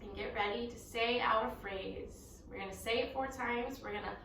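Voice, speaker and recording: A young woman teaching a children's yoga class, giving gentle, encouraging instructions. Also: a little high, normal speed, slight background noise. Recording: echoey room, mic at a distance.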